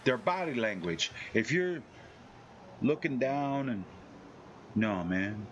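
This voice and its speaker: A man's voice: medium pitch, very animated, takes it slowly, a bit bright, slight background noise. A man chatting casually on a live game stream, telling profane, boastful stories.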